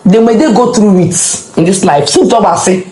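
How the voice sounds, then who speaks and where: An impassioned woman speaks as an interview guest, repeating phrases for emphasis as she answers her critics. Her voice sits at a middling pitch for a woman. The room around her is noticeably echoey. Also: normal speed, mellow. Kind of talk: emotional conversational interview.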